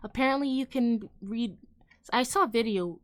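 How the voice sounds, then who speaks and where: A woman's voice: fairly high pitch, normal speed. A woman hosting a casual opinion livestream. She rambles with lots of "like" and "um," talks straight to her viewers, and lets her thoughts trail off. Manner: rambling, heavy use of "like" and "um", trailing off; chatty, addresses viewers directly. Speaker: livestream host.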